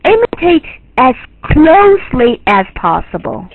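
Husky woman teacher, lo-fi recording. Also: high voice, sing-song, measured pace, no echo. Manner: emphatic, repeats key points. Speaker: English teacher. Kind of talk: classroom lecture. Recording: tinny lo-fi, phone-like recording.

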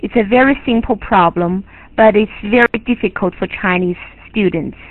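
Husky woman teacher, lo-fi recording. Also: mid-range voice, normal speed. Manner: emphatic, repeats key points. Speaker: English teacher. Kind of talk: classroom lecture. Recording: tinny lo-fi, phone-like recording.

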